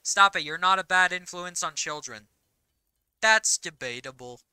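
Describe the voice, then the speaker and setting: Bright, crisp young woman ranting. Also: lowish voice, expressive, dry recording, low-quality recording. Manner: rapid, rambling, exasperated ranting. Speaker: gaming channel host. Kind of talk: casual gameplay chat.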